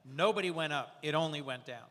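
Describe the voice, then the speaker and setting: A man, a senator, giving matter-of-fact remarks on a panel in a measured way. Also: on the high side, fairly bright tone, in a large hall.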